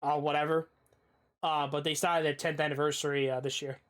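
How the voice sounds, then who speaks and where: A man's voice: on the high side, flat delivery, brisk, a bit bright. A man hosting a live stream, chatting casually and rambling with fillers and swearing. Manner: laid-back, rambling, profane. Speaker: streamer host.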